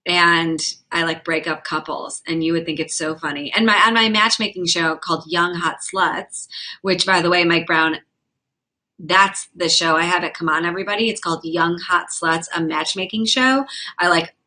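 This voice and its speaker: A young woman hosts her own livestream, reading viewer comments aloud and answering them on the spot. Her voice sits a little low but sounds bright and forward. She talks in a chatty, frank rush and swears without a second thought. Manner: chatty, quick, frank and profane, reacts to chat. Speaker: livestream host and comedian.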